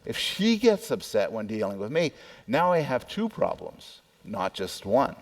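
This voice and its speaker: Animated male professor lecturing. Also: medium pitch, unhurried, creaky. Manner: conversational, asks the audience questions and adds personal asides. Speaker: psychology professor giving a lecture. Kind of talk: public lecture.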